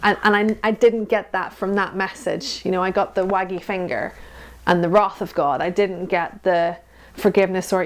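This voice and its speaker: Woman in her thirties, interview guest; candid, lively, quick to laugh, mid-pitched voice. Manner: frank, laughs often, animated storytelling. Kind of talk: candid personal conversation.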